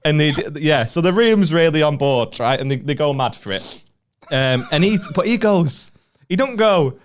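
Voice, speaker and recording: A man's voice: fairly high pitch, normal speed, clean tone. A young northern English man, a comedian co-hosting a podcast, tells a story in casual chat, laughing often and acting out what people said. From northern England. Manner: animated, laughs often, acts out quotes.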